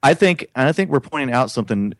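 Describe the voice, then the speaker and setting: A man's voice: medium pitch, expressive, fast talker, no room sound. Careful hesitant cohost guy, dry close sound. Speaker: podcast co-host. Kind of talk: casual chat.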